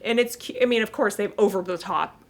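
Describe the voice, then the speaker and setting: Speaking fairly quickly in a medium-pitched voice, a female podcast co-host gives a casual take on a film she watched, growing emotional, laughing often, and getting fired up.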